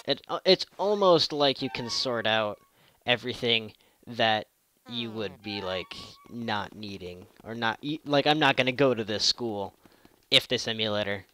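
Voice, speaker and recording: A man rambling through gameplay commentary, joking at his own expense between remarks on the game. His voice is bright and a bit sharp, at a medium pitch. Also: a little slow, a little hiss or hum. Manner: rambling, self-deprecating. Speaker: let's play host.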